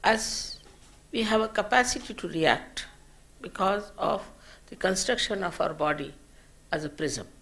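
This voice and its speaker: A woman delivers a spiritual lecture in a measured, unhurried way. Her voice has a gravelly, creaky texture. Her phrases often trail off softly at the end. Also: mid-range voice, lively intonation. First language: Marathi. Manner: slow, measured teaching with soft trailing phrase ends. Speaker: spiritual teacher. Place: lecture hall at a public program.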